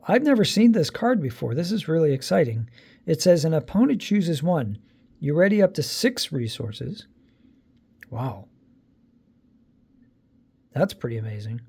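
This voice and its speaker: A man talks through an unboxing in a casual, rambling way. His voice is somewhat high for a man but gravelly, with a dark, mellow tone. He fills pauses with ums and uhs as he thinks aloud. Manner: chatty, thinking aloud with many fillers. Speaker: card-opening channel host.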